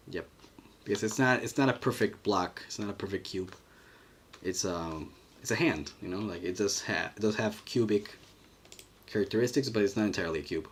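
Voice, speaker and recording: This one is a man with a fairly low voice doing casual commentary while he draws. He livestreams his animation work, thinking aloud and reading the chat, with a bit of background noise behind him.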